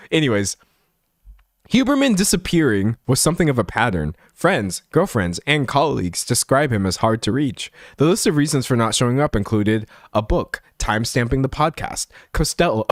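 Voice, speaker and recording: A young man streaming live, reading an article aloud to his chat and breaking off into chatty commentary, swinging from loud remarks to hushed asides. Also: medium pitch, no room sound, clean studio sound.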